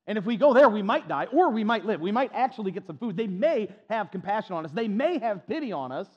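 High, lively preacher man in an echoey hall. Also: fast, husky, dull audio. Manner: emphatic and repetitive, stutters on restarts, folksy humor. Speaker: pastor. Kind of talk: sermon.

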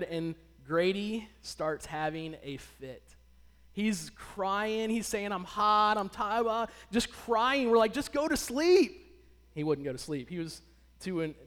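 High-voiced man telling a story in a hall. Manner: conversational, asks the audience questions. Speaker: speaker addressing an audience. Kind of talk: personal story told to an audience. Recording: long hall reverb.

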